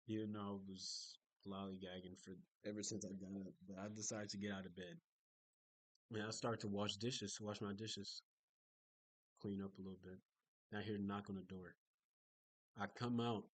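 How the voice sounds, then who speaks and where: A man's voice: lowish voice, flat delivery, moderate pace, pauses often, no echo, poor audio. A young man telling stories in a casual video diary, rambling and chatty, full of fillers and restarts. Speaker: vlogger.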